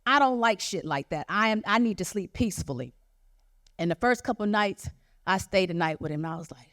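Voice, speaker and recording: A young adult woman doing stand-up comedy, telling profane stories in a loud, animated way and acting out the people she quotes. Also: mid-range voice.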